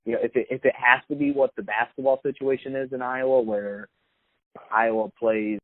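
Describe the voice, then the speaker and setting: A man's voice: mid-range voice, steady tone, moderate pace, no room sound. A man hosting a podcast, talking casually with many fillers and restarts. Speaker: podcast host. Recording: phone-like, dry sound.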